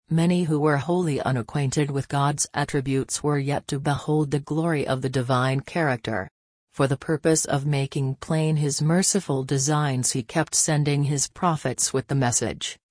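Low-voiced woman reading devotional text. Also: fairly even intonation, a little mellow, no echo, studio quality. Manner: measured, solemn reading. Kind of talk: scripted devotional narration.

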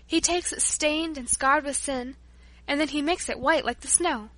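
A woman voicing Paula, a gentle, devout, cheerful young girl who talks in an earnest, sweet way. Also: high voice, animated, fairly quick, no room sound.

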